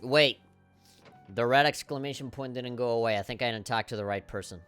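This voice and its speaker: Guy streaming a game live, swears a lot, gets worked up, reads the dialogue out, mid pitch, faint music behind. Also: fairly quick, smooth. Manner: excitable, profane, often reads game dialogue aloud. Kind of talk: casual live gameplay commentary.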